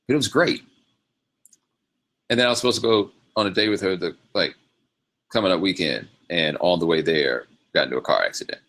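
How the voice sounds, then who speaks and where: Male host, very low but bright, forward voice; loose, digressive storyteller. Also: brisk. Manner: rambling, loose, laughing, slangy. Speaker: podcast host. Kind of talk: casual storytelling monologue.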